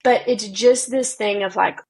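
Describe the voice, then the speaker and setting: Gravelly, husky-voiced woman telling stories. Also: mid-range voice, measured pace, poor audio. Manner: lively storyteller who acts out quoted dialogue. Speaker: children's pastor, podcast guest. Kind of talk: casual faith conversation.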